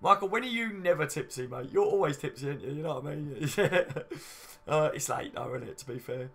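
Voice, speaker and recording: On the high side and a little fast, his voice is gravelly and slightly bright with a breathy edge. He's in his late twenties, hosting a casual fan livestream where he reads out viewer comments, chatty and matey, swearing casually and saying "you know what I mean" a lot.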